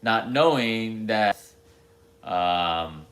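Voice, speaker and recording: A man's voice: lowish voice, expressive, extremely slow, a bit bright. A man rambling candidly to himself in a casual, self-deprecating monologue.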